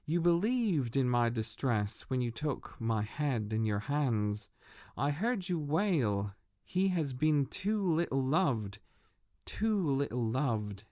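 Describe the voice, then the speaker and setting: A man's voice: mid-range voice, big pitch swings, takes it slowly, darkish tone, dry recording, clean studio sound. A man reading as a weary, deceitful old sorcerer. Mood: confessing. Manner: pleading, self-pitying.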